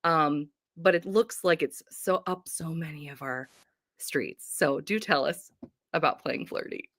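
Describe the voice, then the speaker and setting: A woman's voice: low-pitched, unhurried, fairly bright tone, no room sound, clean studio sound. A woman from North Carolina hosting a livestream book chat, bubbly and gushing, laughing often. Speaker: host. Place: home.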